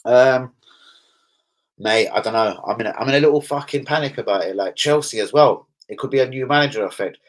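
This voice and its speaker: A man's voice: medium pitch, brisk, rough recording. A man with a London accent hosting a casual livestream, chatting bluntly with his viewers and swearing freely. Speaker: livestream host.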